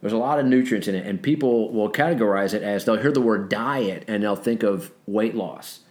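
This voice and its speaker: Easygoing man with a low voice. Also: a little fast, darkish tone. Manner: joking, easygoing. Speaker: podcast co-host. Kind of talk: casual chat.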